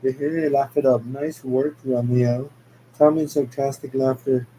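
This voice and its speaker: Sarcastic grown guy, a man reading him in his own voice, dry delivery, mellow mid-pitched tone. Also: level tone, a little slow, slight background noise, natural voice, rough recording.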